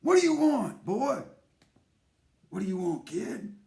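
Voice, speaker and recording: A man's voice: on the high side, sing-song, slow pace, darkish tone, exaggerated voice. A man playing a harsh, barking angry father. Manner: gruff, barking, profane.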